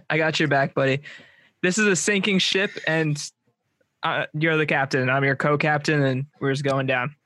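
A man's voice: on the high side, fairly even intonation, moderate pace, pushed and bright, no room sound, studio quality. A man in his twenties co-hosting a podcast, joking and laughing often in casual chat. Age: 20s. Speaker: podcast co-host.

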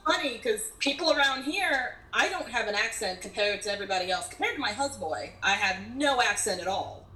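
A woman's voice: a little high, lively intonation, brisk, bright, forceful tone. A woman from Georgia in the United States with a slight Southern accent, chatting as a podcast guest. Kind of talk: casual interview chat. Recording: roomy echo.

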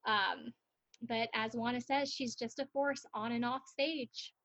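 A woman's voice: on the high side, steady tone, a little slow, a bit bright, lo-fi sound. A woman chatting casually on a podcast, recapping a TV episode with lots of laughs and fillers. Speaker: podcast co-host. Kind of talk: casual chat recapping a TV show.

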